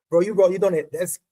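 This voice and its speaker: A man hosting a casual crypto livestream, talking to viewers in slangy, emphatic chat and repeating words for stress. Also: sits high. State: emotional, choked up.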